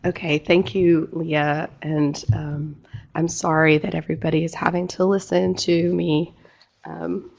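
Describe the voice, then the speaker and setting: A woman who has nearly lost her voice speaks in a croaky, gravelly rasp, a little low in pitch. She gives an online update in a businesslike, apologetic way with scattered fillers. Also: level tone, measured pace, darkish tone, highs cut off. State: hoarse, losing her voice. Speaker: executive director giving an update. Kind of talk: online presentation.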